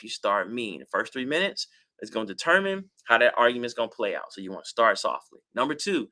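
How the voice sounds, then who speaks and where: A relationship therapist with a bright, forceful, mid-range voice gives an animated, playful talk to an audience about relationships. He drives his points home emphatically and acts out mock arguments in slang.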